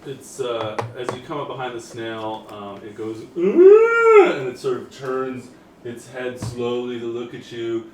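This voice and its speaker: A man running a tabletop game as its game master, narrating casually and halting with fillers. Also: mid-range voice, flat delivery, slight background noise. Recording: roomy, distant home recording.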